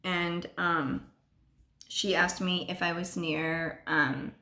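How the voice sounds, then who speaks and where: A woman telling a personal story on a vlog, halting and full of ums and restarts. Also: lowish voice, fairly even intonation, bright, forceful tone, reverberant. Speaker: vlogger.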